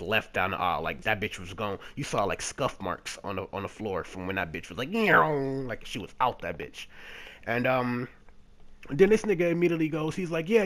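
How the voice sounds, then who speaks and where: A man from Detroit telling a story to the camera in a casual, profane, animated vlog style, acting out the other people's lines as he goes. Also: on the high side. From Detroit, USA. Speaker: vlogger.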